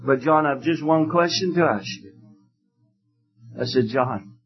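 High-pitched fervent male preacher, emphatic storyteller, muffled lo-fi tape with faint music under it. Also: unhurried. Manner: fervent, emphatic storytelling that swings to loud exclamations. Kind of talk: evangelistic sermon with storytelling.

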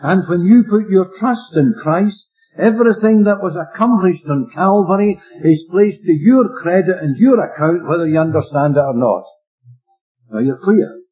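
Husky-voiced lo-fi preacher man. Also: high voice, lively intonation, normal speed. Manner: emphatic, rhetorical questions, plain-spoken. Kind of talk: expository Bible teaching. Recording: dull lo-fi recording with faint music.

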